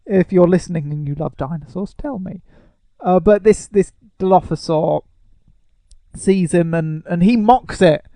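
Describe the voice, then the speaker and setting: Gravelly-voiced man, sarcastic. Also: high-pitched, dark tone, no room sound. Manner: mock-indignant, sarcastic, quick to joke. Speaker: podcast co-host. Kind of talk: casual podcast banter.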